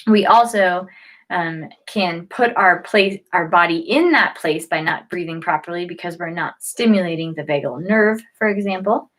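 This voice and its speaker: A woman's voice: fairly low pitch, normal speed, a bit bright, rough recording. A woman giving a casual health lesson to a camera, chatty, with many fillers and restarts, and yawning often as she talks. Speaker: health educator.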